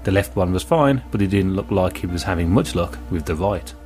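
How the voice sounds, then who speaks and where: A man narrating a science-fiction audiobook in a measured, even reading. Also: low-pitched, soft background music. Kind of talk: scripted narration.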